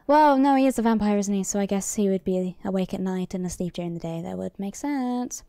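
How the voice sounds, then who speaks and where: A woman's voice: medium pitch, a little fast, mellow, dry recording. A woman streamer giving casual gameplay commentary, chatty and muttering to herself with mild swearing. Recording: dry sound with faint music behind.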